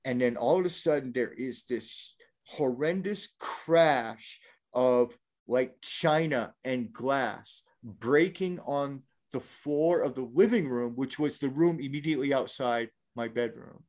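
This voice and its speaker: A man's voice: mid-range voice, slow pace, darkish tone. Profane, rambling middle-aged man. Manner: rambling, profane, with many restarts. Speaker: guest telling a story. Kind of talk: casual storytelling interview.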